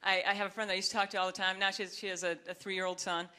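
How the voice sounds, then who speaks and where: A young woman doing a stand-up comedy set, talking in a wry, chatty way and breaking into high, shrill voices for the people she acts out. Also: flat delivery, racing, pushed and bright, clean tone. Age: young adult. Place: comedy stage before a live audience. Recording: live club set with audience laughter.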